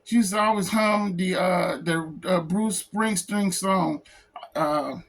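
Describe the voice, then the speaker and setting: Tearful man grieving, halting speech. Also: high-pitched, fairly bright tone, slight background noise. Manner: halting, repeats phrases, says "man" a lot. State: tearful, close to crying. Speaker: comic book artist. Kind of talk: emotional personal vlog.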